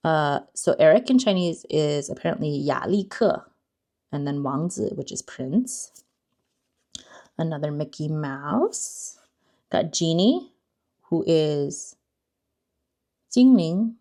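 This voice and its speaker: A woman's voice: low voice, dark tone. A young woman hosting a casual card-opening vlog, chatty and self-deprecating, often unsure of words. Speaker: card-opening channel host.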